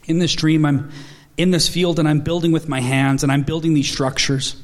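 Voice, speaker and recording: A man's voice: on the high side, steady tone, moderate pace. A man in his thirties preaching an earnest, storytelling sermon, acting out the dialogue in his stories.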